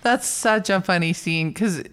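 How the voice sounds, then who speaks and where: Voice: mid-range voice, unhurried, clear, resonant tone. A podcast co-host chatting about a film, telling anecdotes and acting out quoted lines. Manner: animated storyteller, acts out quoted lines. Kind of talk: casual film discussion.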